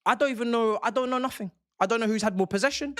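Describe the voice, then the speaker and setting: A man's voice: extremely high pitch, fast talker, a bit bright, a little hiss or hum. A young man, a football streamer ranting angrily and with lots of swearing on a live stream. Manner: angry, profane, repetitive ranting.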